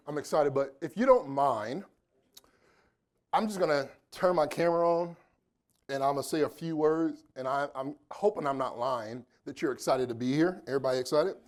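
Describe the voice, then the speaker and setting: Guy from indy giving a keynote, jokey and chatty with the crowd, voice sits a bit high. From Indianapolis, United States. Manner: joking, chatty, playful with the audience. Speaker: keynote speaker. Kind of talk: live motivational keynote talk. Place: conference room before a live audience.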